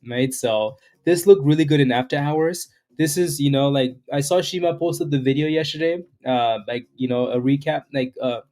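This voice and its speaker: A man's voice: medium pitch, a little mellow. Chatty man hosting a trading livestream. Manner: loose, chatty, says "right?" a lot, greets chat viewers. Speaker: day-trading livestream host. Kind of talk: casual live market commentary.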